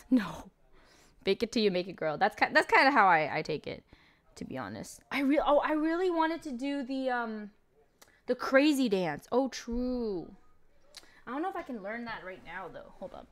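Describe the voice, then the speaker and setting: A woman's voice: a little high, expressive, moderate pace. A woman streamer in casual livestream chat, chatty and self-deprecating as she answers her viewers.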